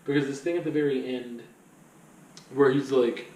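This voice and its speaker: A man's voice: mid-range voice, steady tone, moderate pace, warm tone, echoey room, recorded from a distance, rough recording. A man vlogging in a rambling, casual monologue full of fillers and loose asides.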